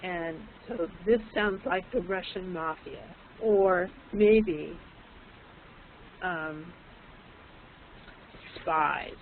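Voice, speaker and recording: A woman's voice: lowish voice, drawn-out words, long pauses, a little hiss or hum. A woman teaching an online English class, explaining patiently and putting questions to her students. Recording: tinny lo-fi online call audio.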